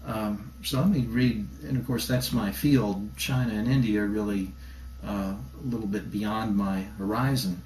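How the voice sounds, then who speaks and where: Male lecturer, low voice, musing with ums and restarts; mic far off, noisy room. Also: fairly even intonation, a little slow, darkish tone. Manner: thoughtful, rambling, with frequent fillers and self-corrections. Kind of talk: recorded video lecture. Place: room he calls not ideal.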